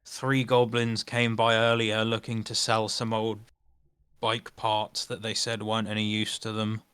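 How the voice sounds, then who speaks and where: A man voicing an apathetic male merfolk scrapyard clerk who talks in a flat, dismissive way. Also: lowish voice, measured pace, smooth, dry recording.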